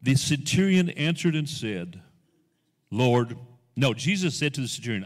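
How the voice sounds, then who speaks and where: With a medium-pitched, animated voice and a long reverb tail behind him, a man delivers a sermon as a guest preacher. Quiet, unhurried asides give way to loud, building exhortation, and he voices the people he quotes himself.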